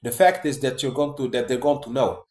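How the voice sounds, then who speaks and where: A man's voice: mid-range voice, fairly even intonation, a little fast, darkish tone, echoey room. A man talking casually to his viewers in a rambling way, full of fillers, restarts and "man" and "guys". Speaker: vlogger. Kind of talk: casual monologue to camera.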